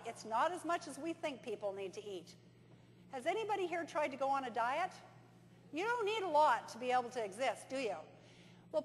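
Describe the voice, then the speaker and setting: A woman with a fairly high voice gives a conference talk as an animated storyteller, acting out the voices in her stories. She sounds like she is in a big hall, with long reverb and a faint hum underneath. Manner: animated storyteller, acts out dialogue. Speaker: conference presenter.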